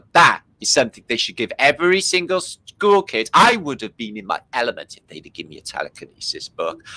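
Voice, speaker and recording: This British man hosts a livestream of casual, mocking commentary, cracking sarcastic jokes and slipping into silly voices. His medium-pitched voice sounds pushed and bright, with no room sound and low recording quality.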